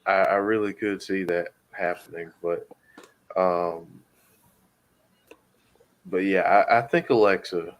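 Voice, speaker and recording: A man co-hosting a wrestling podcast in casual chat, talking hesitantly with many pauses and restarts. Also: sits low, slight background noise. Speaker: podcast co-host.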